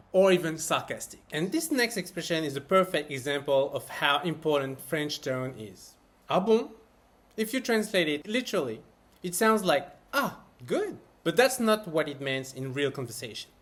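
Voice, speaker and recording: A man teaching everyday French phrases in a scripted lesson. His voice sits a little high for a man and swoops through a wide, animated range. He leans on key words with expressive emphasis.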